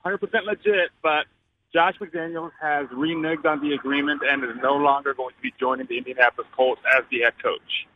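A man's voice: on the high side, steady tone, a little fast, a little hiss or hum. A man calling in to a radio show, hesitant, with lots of ums and uhs. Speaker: radio caller. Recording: tinny phone line.

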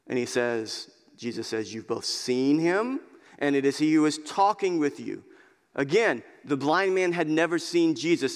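Emphatic preacher man in a reverberant hall. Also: on the high side. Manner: emphatic preaching, dropping to hushed intensity at key points; repeats words as he builds. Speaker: pastor. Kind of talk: sermon.

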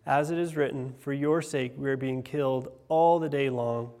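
A man in his thirties preaching a sermon as pastor, earnest, rising loud on key phrases and dropping soft on others. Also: mid-range voice, steady tone, moderate pace. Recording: long hall reverb.

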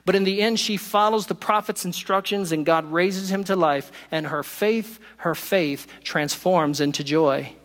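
Guy preaching a sermon, kinda high voice, long echo off the hall. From not from West Virginia. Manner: expressive preaching, slows for emphasis. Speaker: pastor.

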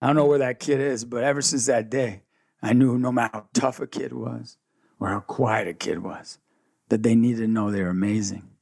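A man's voice: mid-range voice, vocal fry, no echo. A man guest telling a story with lots of energy in an interview, acting out both sides of the dialogue. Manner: energetic, fast-shifting, acts out dialogue. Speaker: guest, ministry founder.

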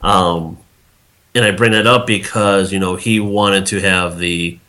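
A man with a lowish voice and a bright edge gives casual political commentary on a podcast. He rambles, circling back through fillers and half-started phrases as he works out his point. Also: steady tone, a little slow. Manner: rambling, many fillers and restarts. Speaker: podcast co-host.

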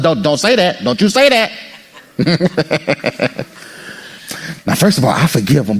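A male pastor preaching an animated sermon, joking with the congregation and acting out people's inner voices. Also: high voice, normal speed. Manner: jokes and teases the congregation.

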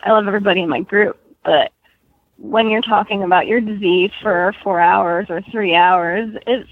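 A woman's voice: mid-range voice, normal speed. A woman in her twenties, short of breath, chatting as a guest author on a podcast and laughing often. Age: 20s. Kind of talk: casual podcast interview. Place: home in Florida. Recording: dull lo-fi audio.

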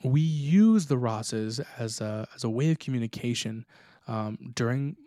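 A man's voice: medium pitch, animated, normal speed, warm tone, no echo, clean studio sound. A young man chatting casually, hesitant, with many filler sounds. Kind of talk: casual conversation.

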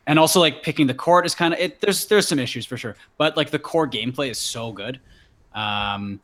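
A man's voice: mid-range voice, a little fast, a bit bright. A Canadian man co-hosting a podcast, rambling and joking in casual chat. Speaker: podcast co-host.

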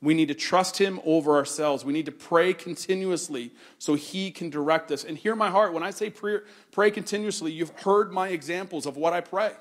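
A pastor giving an earnest sermon, telling a personal story in a conversational way and slowing down to stress key points. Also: male voice, high-pitched.

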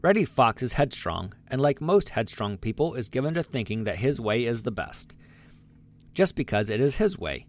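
A man narrating a children's storybook aloud, lively and expressive, giving the animals their own voices. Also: medium pitch, moderate pace. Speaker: audiobook narrator.

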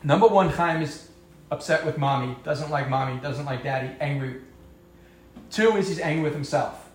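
A man with a slightly raised pitch speaks casually to an audience, acting out short quoted voices and joking at his own expense. His voice carries an echo from the room. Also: normal speed. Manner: conversational, acts out quoted voices, self-deprecating humor. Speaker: speaker giving a talk on marriage and parenting. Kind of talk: live talk to an audience. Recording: echoey room.

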